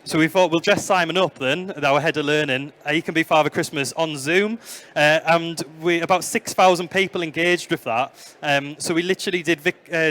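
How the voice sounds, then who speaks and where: A middle-aged man giving a conference talk, telling anecdotes with plenty of fillers. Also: a little high. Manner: storytelling, warm anecdotes with fillers. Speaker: museum product development manager giving a conference talk. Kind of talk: conference presentation.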